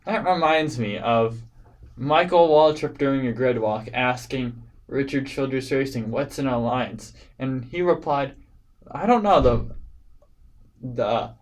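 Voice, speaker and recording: A man's voice: medium pitch, a little slow, rough recording. Jokey stumbling male podcast host. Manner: jokey, excitable, stumbles over words. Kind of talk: casual chat.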